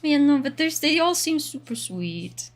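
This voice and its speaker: A woman's voice: high voice, sing-song, measured pace, soft background music. A young woman with a Swedish accent chatting casually on a livestream, rambling and laughing often. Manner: giggly, rambling, frequent laughter. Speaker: streamer.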